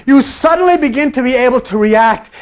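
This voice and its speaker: A preacher giving an impassioned sermon, blunt and repetitive, swinging from low murmurs to sudden loud outbursts. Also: animated, brisk. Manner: blunt, repetitive, earthy slang.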